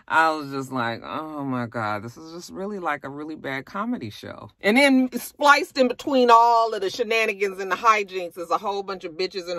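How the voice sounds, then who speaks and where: Recap vlogger, candid and salty, chatty asides, bright tone, dry close sound. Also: mid-range voice, no echo. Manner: candid, blunt and profane, chatty asides to viewers. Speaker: YouTube recap host. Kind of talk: casual reality TV recap.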